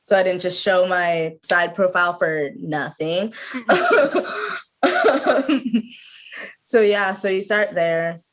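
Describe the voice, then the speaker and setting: A woman's voice: on the low side, expressive, slow. A woman of about twenty, a student guest on a video call, chatting casually with lots of "like" fillers. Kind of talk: casual interview chat.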